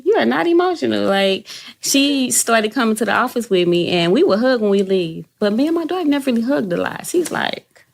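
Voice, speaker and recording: A woman's voice: a little high, expressive, normal speed, gravelly. A woman grief specialist in a candid panel conversation, speaking earnestly from faith and her own experience.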